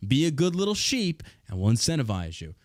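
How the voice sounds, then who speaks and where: A man's voice: fairly high pitch, huge pitch swings, fairly quick, no room sound. Profane ranting man, dry mic. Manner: outraged, profane ranting while reading news aloud. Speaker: podcast host. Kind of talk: casual podcast commentary.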